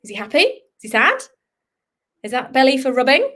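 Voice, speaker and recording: Animated woman teaching kids. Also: high-pitched, normal speed. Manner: animated, chatty, acts out dog voices. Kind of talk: live online lesson for children.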